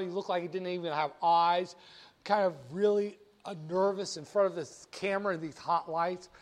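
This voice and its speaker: Older male storyteller, high-pitched, folksy and animated recounting of the past. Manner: animated, folksy, self-correcting. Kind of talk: casual historical storytelling.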